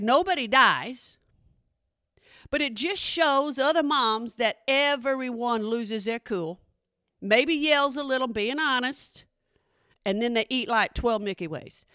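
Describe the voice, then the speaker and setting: A woman's voice: on the high side, pushed and bright, dry recording, clean studio sound. A middle-aged woman, talking casually and playfully to her audience and asking them questions. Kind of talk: casual comedic talk to an audience.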